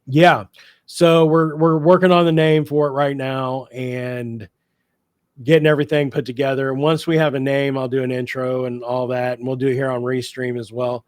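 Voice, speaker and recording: A man's voice: medium pitch, flat delivery, normal speed, dry recording. A man talking casually on a radio show about paranormal investigations, upbeat and rambling with many fillers. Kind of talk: casual chat.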